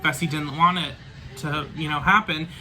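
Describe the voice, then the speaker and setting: A co-host in a casual chat, calm and measured, summing things up. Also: mid-range voice, faint music behind, poor audio.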